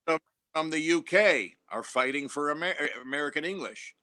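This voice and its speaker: A man chatting as a guest on a talk show, rambling and animated as he tells stories. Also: a little high, brisk, crowd noise. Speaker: guest comedian. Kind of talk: casual chat.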